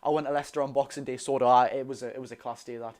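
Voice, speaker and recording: A man's voice: medium pitch, steady tone, rapid-fire, a little mellow. A man with a Geordie accent hosting a casual live stream, reading out viewer questions and answering them chattily, often calling listeners "mate". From North East England. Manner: calls listeners "mate" and "lads". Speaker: livestream host. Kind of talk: casual live watch-along chat.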